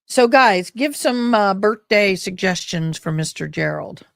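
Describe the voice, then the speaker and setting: A woman's voice: mid-range voice, animated, unhurried, creaky, fairly bright tone, no echo, clean studio sound. A woman hosting a live stream in a rambling, chatty way. She is short of breath and breaks off to sigh and cough. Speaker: livestream host. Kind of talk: casual live-stream chat.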